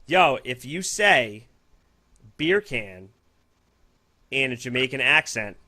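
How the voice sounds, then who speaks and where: Man, podcast co-host, rowdy joking banter, lots of swearing, lively pitch. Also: takes it slowly. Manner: loud, joking, swears a lot, slangy with frequent "yo". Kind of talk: casual live-stream chat.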